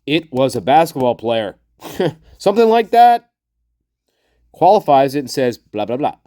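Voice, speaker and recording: In studio-quality audio with no echo, a man hosting a true-crime commentary show addresses his viewers directly, blunt and swearing, with frequent chuckles and impressions of the people he quotes. He has a warm, medium-pitched voice, big pitch swings, and a measured pace.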